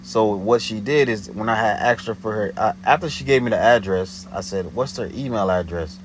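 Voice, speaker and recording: Animated slangy man telling a story. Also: lowish voice, moderate pace, slight background noise, low-quality recording. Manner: animated, slangy, repeats "you know what I'm saying". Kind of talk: casual storytelling.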